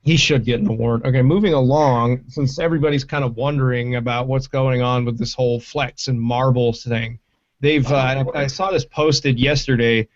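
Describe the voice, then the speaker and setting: A man hosting a casual livestream through a desk mic and mixer, talking in a profane, rambling, animated way. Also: medium pitch, moderate pace. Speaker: livestream host. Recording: dull lo-fi stream mic.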